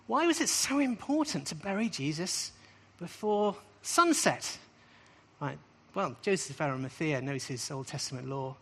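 A man's voice: a little high, expressive, normal speed, fairly bright tone, breathy edge. A man teaching a sermon-style talk to a live group, emphatic and repetitive, often ending points with a rising question. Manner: emphatic, repeats key phrases with rising questions. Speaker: preacher teaching on scripture.

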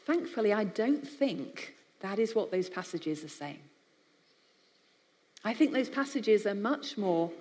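A woman's voice: medium pitch, big pitch swings, unhurried, dark tone. A woman from the United Kingdom preaches to an audience, keeping it conversational and personal. Her voice carries the long reverb of a big hall. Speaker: speaker for a biblical counselling charity. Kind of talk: sermon-style talk to a live audience.

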